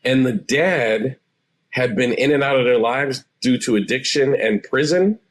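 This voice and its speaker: A man in his forties, a therapist guest, explaining things in a calm, assured way. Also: mid-range voice, a little slow, a little hiss or hum. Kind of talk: interview answers.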